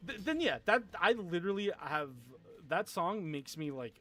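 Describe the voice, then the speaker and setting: A man's voice: high voice, sing-song, moderate pace, fairly bright tone. A young man chatting casually with viewers on a gaming livestream, rambling, swearing a lot and laughing often.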